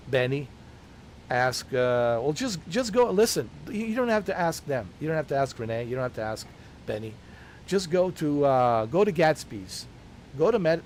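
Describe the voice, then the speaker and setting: A man's voice: a little high, a little mellow, a little hiss or hum. A man streaming a game, talking in casual, rambling chat in an insistent way with many restarts. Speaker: gaming streamer.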